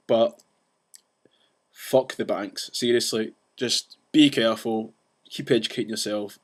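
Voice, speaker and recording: A man ranting casually to the camera, rambling with restarts and asides and talking fast. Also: medium pitch. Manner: says he talks fast. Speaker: vlogger.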